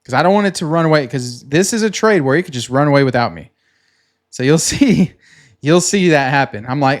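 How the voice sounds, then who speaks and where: A laid-back man sits with his chart and explains his trades in plain, chatty talk. His voice sits a touch higher than most men's, and he keeps saying "like" as he points out spots on the screen. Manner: relaxed and chatty, many "like"s, quick laughs; talks himself through the chart while pointing at it. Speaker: futures trader recapping his trading session. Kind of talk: casual screen-share trading walkthrough.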